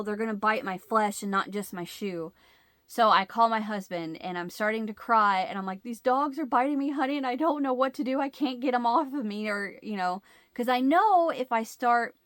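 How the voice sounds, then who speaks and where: A woman's voice: mid-range voice, a bit bright, dry recording, studio quality. A middle-aged woman hosting a crochet channel, chatting casually to her viewers and telling a rambling story, often losing her words and restarting.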